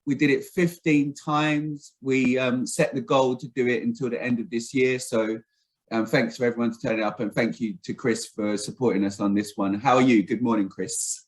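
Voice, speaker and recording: A man's voice: mid-range voice, level tone, normal speed, poor audio. A man hosting a casual video-call interview, friendly and a little rambling with fillers. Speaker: host.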